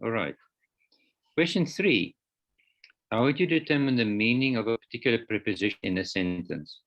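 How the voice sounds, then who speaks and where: A man's voice: mid-range voice, expressive, moderate pace, a bit bright. A man lecturing students on Greek grammar, explaining patiently step by step in an online class. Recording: dull lo-fi online call audio.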